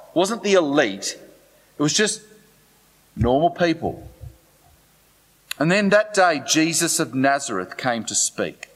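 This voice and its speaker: A man's voice: mid-range voice, fairly bright tone, in a large hall. A man preaching a sermon in a conversational way, often asking the congregation questions. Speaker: pastor.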